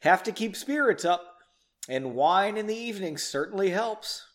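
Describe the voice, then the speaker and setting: A jovial, booming old army general holds court at dinner, as a man puts him on while reading his story. The voice is pushed higher and louder than plain talk and swings widely. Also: expressive, moderate pace. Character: hearty older male army general, jovial.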